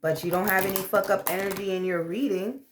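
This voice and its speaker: Blunt woman tarot reader, casual and profane, mid-pitched. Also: fairly even intonation, a little fast, slight background noise. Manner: blunt, profane, streetwise, calls listener babe; acts out quoted voices. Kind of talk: casual tarot reading to camera.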